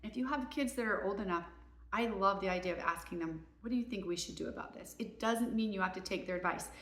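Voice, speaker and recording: A woman's voice: mid-range voice, fairly bright tone, reverberant. A woman, a mother and parenting coach, giving earnest, emphatic advice in a casual talk to camera. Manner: earnest, emphatic, voices kids and parents in quick asides.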